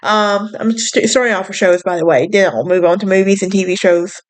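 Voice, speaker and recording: A woman's voice: medium pitch, fairly even intonation, fairly quick. A young woman with a Southern US accent hosting a podcast in casual, chatty talk, sassy and bubbly, with lots of fillers. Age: young adult. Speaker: podcast host. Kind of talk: casual chat.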